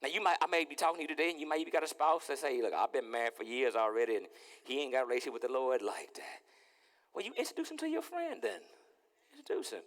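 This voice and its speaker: Animated pastor with a gravelly voice. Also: male voice, fairly high pitch, fast talker, in a large hall. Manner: animated, playful, repeats words, acts out dialogue. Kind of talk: lively sermon with acted-out scenes. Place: church sanctuary.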